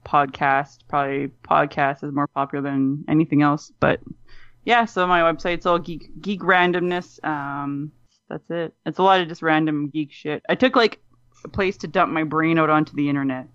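A woman's voice: deep voice, fairly even intonation, normal speed, fairly bright tone, no room sound, muffled recording. A woman guesting on a podcast, chatting playfully with plenty of giggles and self-mocking jokes. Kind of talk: casual podcast chat.

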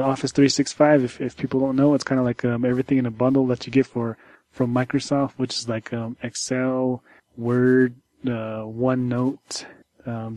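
A man co-hosts a casual tech news podcast, talking in a loose, halting way that is full of restarts. His voice is mellow and warm, and it sits at a medium pitch. The recording is dry and close. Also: no room sound. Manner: rambling, halting, many restarts. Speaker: podcast co-host.

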